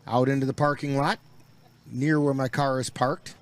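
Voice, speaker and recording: A man calling baseball play-by-play for a local webcast, with relaxed, folksy asides between pitches. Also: normal speed. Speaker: play-by-play announcer.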